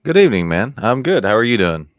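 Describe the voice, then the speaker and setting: A man's voice: mid-range voice, very animated, quick pace, no echo. A man co-hosting a casual podcast chat, jokey and chatty, laughing easily. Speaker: podcast co-host.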